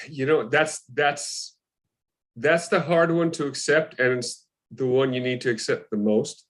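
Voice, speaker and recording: An actor being interviewed, a man telling lively anecdotes in casual conversation and acting out what other people said. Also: mid-range voice. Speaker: actor guest.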